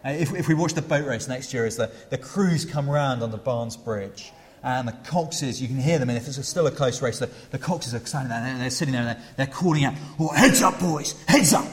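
A middle-aged man preaching a sermon. He hesitates often with fillers and restarts, then grows animated when acting out the crowd. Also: medium pitch, a little fast. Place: church. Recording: long reverb of a church hall.

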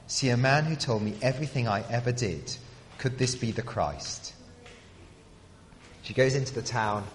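A man preaching a sermon. He asks rhetorical questions and drops to a hush on key phrases. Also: medium pitch, slight background noise. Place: church. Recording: distant voice in a reverberant hall.

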